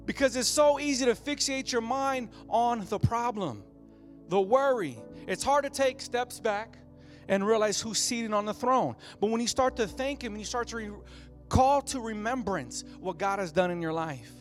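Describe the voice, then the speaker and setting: A pastor preaching to his church in a notably high voice, stacking repeated phrases into a rising rhythm. Faint music plays underneath him throughout. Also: animated, moderate pace. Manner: passionate preaching, repeating phrases and building cadence. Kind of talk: sermon.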